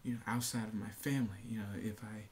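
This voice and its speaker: A man's voice: lowish voice, fairly even intonation, fast. A young man talking earnestly to his camera in a casual monologue, repeating himself with many fillers and restarts. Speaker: vlogger.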